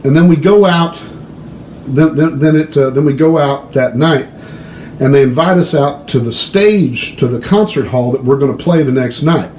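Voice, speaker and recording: A man telling a long story in a casual, animated way, hosting his own show. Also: medium pitch, moderate pace, echoey room, slight background noise, low-quality recording.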